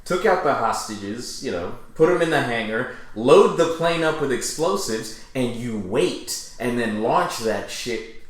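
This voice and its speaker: A man's voice: mid-range voice, animated, measured pace. A man co-hosting a comedy podcast, rambling through conspiracy jokes and laughing often. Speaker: podcast co-host. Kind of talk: casual comedy chat. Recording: very echoey room.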